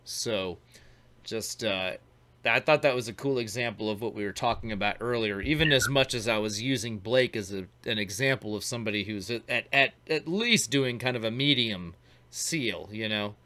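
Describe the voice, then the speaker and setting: This glassblowing show host is a man with a lowish, bright, forceful voice speaking at a normal speed. He chats casually with slang while narrating the demo.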